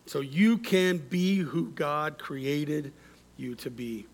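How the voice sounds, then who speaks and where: Preaching at a slow pace in a slightly high voice, this pastor is animated as he draws the congregation into call-and-response. The ends of his phrases drop soft and quiet.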